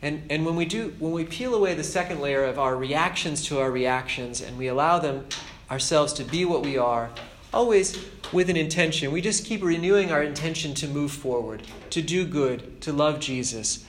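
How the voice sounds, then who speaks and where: A somewhat high-voiced man preaches in a relaxed, conversational way, earnest and ready to poke fun at himself. His voice rings in a roomy space with a faint hum of ambience behind it. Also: moderate pace. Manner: earnest and informal, self-deprecating. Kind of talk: conversational spiritual talk.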